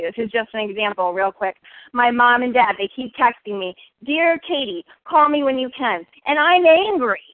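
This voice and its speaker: A woman's voice: fairly high pitch, dry recording. A woman sharing personally at a recovery meeting, earnest and full of rhetorical questions. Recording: phone-like dry line.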